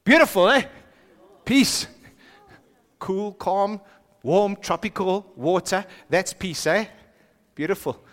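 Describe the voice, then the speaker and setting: Dramatic South African pastor in a reverberant hall. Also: male voice, high voice, animated, takes it slowly, pauses often. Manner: dramatic, swings from hushed to shouting. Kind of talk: sermon. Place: church auditorium. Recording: long reverb of a large church hall.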